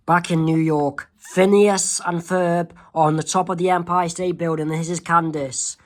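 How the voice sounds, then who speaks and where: A man, host of his own channel, reading his homemade comic aloud, halting with fillers and self-corrections. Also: a little high, fairly even intonation.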